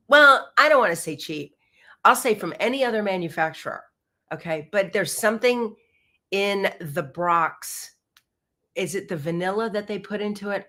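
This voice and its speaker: A woman's voice: fairly low pitch, pushed and bright. A middle-aged woman, hosting a quilting livestream in a bubbly, chatty way. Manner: chatty, bubbly, says y'all. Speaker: quilting show host. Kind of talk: casual livestream chat.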